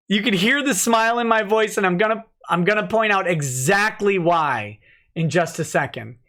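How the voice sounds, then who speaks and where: A man in his thirties, a lawyer host reading court filings aloud and commenting, rushing through citations and slowing down hard to stress his points. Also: high-pitched, lively intonation, fairly bright tone. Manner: reads citations fast, then slows to stress points; stumbles and self-corrects on case names.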